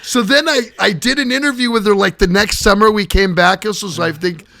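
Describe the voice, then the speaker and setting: A man's voice: high voice, fairly quick, sharp tone. A man hosting a podcast, telling road stories in casual, profane chat. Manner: profane, swears freely. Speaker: podcast host.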